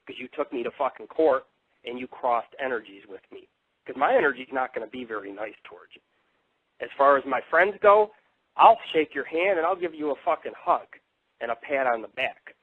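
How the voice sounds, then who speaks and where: Speaking a little fast in a slightly rough mid-range voice, a man rambles through a profane, combative monologue on his live internet radio show. There's no echo, and the sound is dry and tinny, like a phone.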